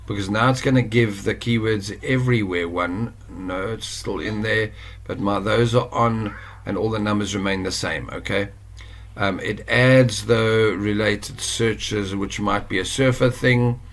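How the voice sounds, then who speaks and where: A man's voice: lowish voice, measured pace. A South African man giving a casual screen-share tutorial, chatty and rambling, correcting himself as he goes. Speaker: online course instructor.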